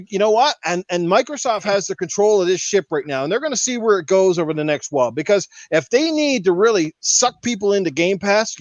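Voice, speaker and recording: A high-pitched man hosts a podcast and rants hard, swearing freely and pushing each point with heat. The sound is dull and lo-fi, and the voice is dry with no room echo. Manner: profane, fired-up ranting. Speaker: podcast host. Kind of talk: casual podcast rant.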